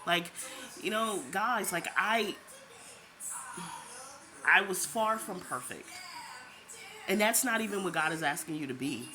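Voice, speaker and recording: A woman's voice: on the low side, measured pace, long pauses, pushed and bright. Tearful woman giving a faith testimony. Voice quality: tearful, emotional, repeats herself. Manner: talks straight to viewers, addresses them as "y'all". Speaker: vlogger sharing a faith testimony. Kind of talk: emotional personal testimony. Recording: background music under the voice.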